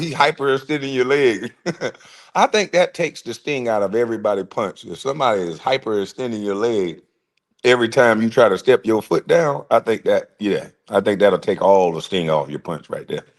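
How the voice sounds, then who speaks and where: Casual livestream host, forties man, mid-pitched, slangy and animated. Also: normal speed. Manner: animated, slangy storytelling with laughs.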